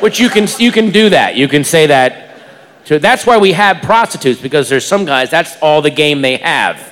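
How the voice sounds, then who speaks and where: An animated male stand-up comic tells a story in a lively, slightly high voice full of swoops. He sounds incredulous and self-mocking. A long hall reverb trails his words, with faint ambience underneath. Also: moderate pace, slight background noise. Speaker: stand-up comedian. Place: live comedy venue, large hall.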